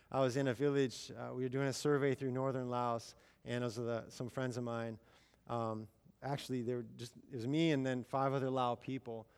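A man in his thirties preaching in a church, in a relaxed, chatty storytelling voice. He acts out quoted dialogue and fills pauses with ums and you-knows. His voice is mid-pitched and carries a long reverberant tail from the hall. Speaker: missionary speaker. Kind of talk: sermon storytelling.

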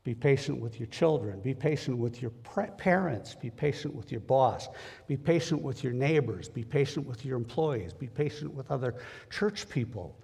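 A man's voice: medium pitch, lively intonation, normal speed, creaky, a little mellow, husky, long reverb tail. A man giving a conversational sermon in a church, folksy and plain-spoken as he talks straight to the congregation. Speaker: preacher. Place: church sanctuary.

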